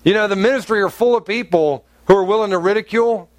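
A man preaching a sermon as pastor, animated and storytelling, laughing often. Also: high-pitched, quick pace, no room sound.

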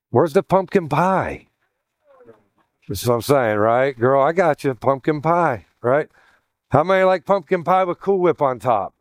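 A pastor in a sermon, teaching in a chatty way, with joking asides and questions for the congregation. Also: male voice, on the high side, no room sound, clean studio sound. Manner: chatty, jokey asides, asks the room questions.

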